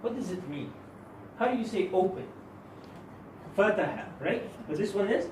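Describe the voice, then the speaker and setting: A man with a somewhat high voice gives a religious lesson to his students, leaning hard on key words and firing questions at the class. He is picked up from a distance in a reverberant room. A faint hum of ambience sits underneath. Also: very animated, normal speed. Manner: emphatic, quizzes students with rhetorical questions. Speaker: Islamic teacher. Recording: echoey room recorded from afar.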